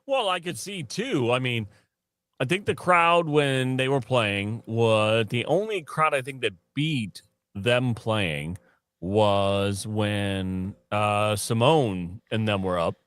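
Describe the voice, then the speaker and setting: A man co-hosting a casual podcast, telling stories in an animated way, laughing often and mimicking other people. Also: mid-range voice, slow, clear, resonant tone, no room sound. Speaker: podcast co-host. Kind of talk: casual chat.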